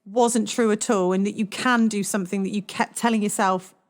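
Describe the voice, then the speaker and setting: A woman's voice: mid-range voice, steady tone, fairly quick. A woman hosting a podcast as a voice coach, asking questions in an encouraging, conversational way. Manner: encouraging, asks questions, many short backchannels. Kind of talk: casual podcast interview.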